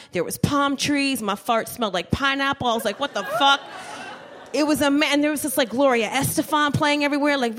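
Jersey woman doing stand-up, swears a lot, big animated storytelling on a stage mic. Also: a little high. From New Jersey, USA. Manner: brash, profane, animated storytelling. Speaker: stand-up comedian. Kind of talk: stand-up comedy set. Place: comedy club stage with live audience.

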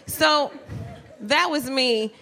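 A woman from New Jersey performing a stand-up comedy set, telling brash, profane, animated stories on a club stage mic. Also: high voice, extremely slow, a faint crowd. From New Jersey, USA.

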